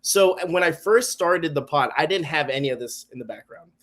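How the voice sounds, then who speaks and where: An animated man talks on a podcast, his fairly high voice jumping up whenever he acts out what other people told him. He tells his stories in a loose, chatty way, stopping to restart and then surging ahead. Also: moderate pace. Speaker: podcast guest. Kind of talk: casual chat. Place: home garage studio.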